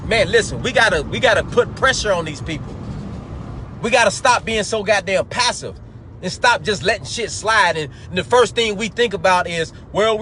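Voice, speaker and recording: A man's voice: high-pitched, background noise. A man hosting a live talk show, delivering an angry, profane commentary monologue and calling his listeners family. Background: faint background music.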